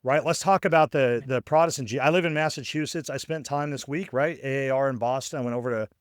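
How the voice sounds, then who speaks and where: A man's voice: medium pitch, quick pace, clean tone, no room sound, studio quality. A man co-hosting a podcast as a scholar of religion, thinking aloud in a casual discussion with frequent "right?" tag questions. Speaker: podcast co-host.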